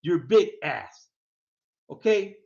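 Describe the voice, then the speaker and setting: A man with a high, lively voice that swings all over as he taunts and ribs someone to camera. He laughs a lot, repeats phrases and tags "man" onto everything. The sound is dull and lo-fi. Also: takes it slowly, creaky. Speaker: video host. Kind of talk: casual mocking rant to camera.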